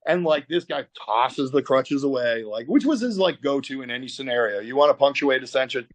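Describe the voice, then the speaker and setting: A man's voice: medium pitch, lively intonation, brisk. A man telling a story as an interview guest in a candid, profane way with lots of fillers. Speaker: tattoo artist guest. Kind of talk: casual storytelling.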